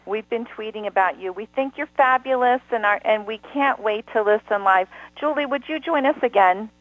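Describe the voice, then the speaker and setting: A woman host leading an interview, gushing with praise and thanks. Her voice sits a little higher than most. The sound is dry, with no room echo. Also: normal speed, fairly bright tone. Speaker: podcast host. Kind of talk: hosting an interview.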